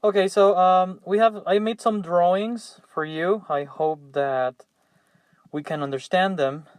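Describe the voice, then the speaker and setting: Slow man teaching English. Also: sits high, fairly even intonation, no room sound. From Mexico. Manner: repeats each word three times, patient. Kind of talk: classroom vocabulary drill.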